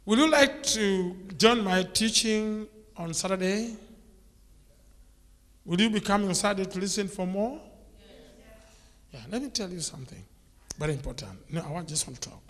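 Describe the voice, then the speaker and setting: A man with a Kenyan English accent preaching a sermon as a bishop, repetitive and swinging between soft murmurs and loud exclamations. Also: sits high, animated, moderate pace, long pauses. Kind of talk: sermon with live interpretation. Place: church. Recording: church hall with long reverb.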